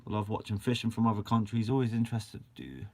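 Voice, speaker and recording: A man's voice: fairly low pitch, animated, fast talker, darkish tone. A young man from Guernsey, hosting a fishing channel and answering live chat in a chatty, upbeat way with casual swearing. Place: shed.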